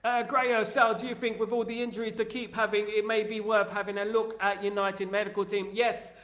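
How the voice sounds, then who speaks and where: A young East London man hosting a football live stream, his voice pitched fairly high for a man. He reads out viewer comments and riffs on them in an animated, chatty way. The room around him has a noticeable echo. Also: brisk. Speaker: livestream host. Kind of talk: casual live-stream chat.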